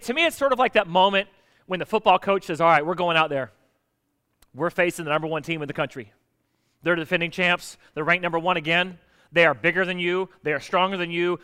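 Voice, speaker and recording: A man preaching a sermon in a lively, animated way, acting out the people he quotes. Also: sits high. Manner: animated, acts out quotes with rising energy. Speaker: pastor. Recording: reverberant hall.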